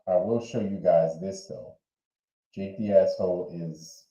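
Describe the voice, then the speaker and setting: A man's voice: low voice, a little slow, warm tone, roomy sound, muffled recording. A man hosting a livestream, chatting casually and repeating himself as he reacts to clips. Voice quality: rambling and repetitive. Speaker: livestream host.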